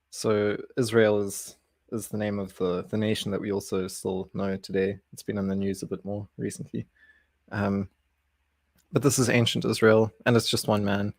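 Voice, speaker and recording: A man's voice: lowish voice, creaky, no room sound. A man hosting a casual livestream Bible study, easygoing and chuckling, often restarting his sentences.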